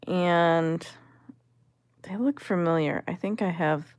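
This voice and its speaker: A woman's voice: fairly low pitch, slow pace, darkish tone, no room sound, clean studio sound. A woman vlogger giving casual commentary as she sorts vintage jewelry, musing and appraising each piece aloud.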